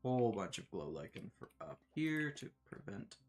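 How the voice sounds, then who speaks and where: Rambling streamer, self-mocking. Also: male voice, mid-range voice, very animated, normal speed, gravelly. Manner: rambling, self-deprecating, laughs often. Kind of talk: casual chat while gaming.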